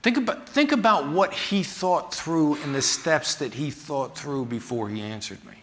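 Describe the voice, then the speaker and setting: A man who teaches negotiation gives a storytelling talk, acting out the people in his anecdotes with lively voices. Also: a little high, normal speed, slight background noise. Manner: animated, acts out the people in his stories. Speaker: negotiation instructor and former FBI agent giving a talk.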